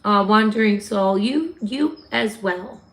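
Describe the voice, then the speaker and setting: A woman's voice: medium pitch, slow pace, creaky, fairly bright tone. A woman with a New York accent hosting a casual livestream, chatting with viewers and answering their comments. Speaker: livestream host.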